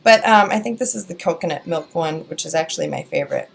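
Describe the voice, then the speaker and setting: A woman's voice: lowish voice, fast talker, creaky, slight background noise. A young woman with a Wisconsin accent, chatting casually through a beauty product review, rambling with lots of fillers and restarts. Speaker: beauty vlogger.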